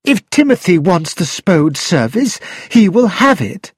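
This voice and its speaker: A man's voice: high-pitched, very animated, a little slow, slightly rough, no room sound, studio quality, voice pushed up, exaggerated voice. A man voicing a firm, reproving wife in a read-aloud story.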